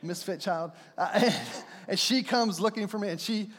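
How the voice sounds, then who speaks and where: A male pastor with a high-pitched voice delivers a lively, story-driven sermon. His voice rings out with a long reverb tail, as if in a large church sanctuary. He speaks straight to the congregation. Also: moderate pace. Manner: storytelling, animated, acts out shouts and quotes.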